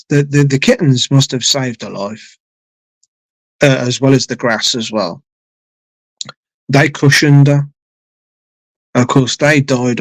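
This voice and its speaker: Male streamer, mid-pitched, chatty storyteller who swears and repeats himself, dry recording. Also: no room sound, low-quality recording. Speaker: live streamer. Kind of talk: casual storytelling.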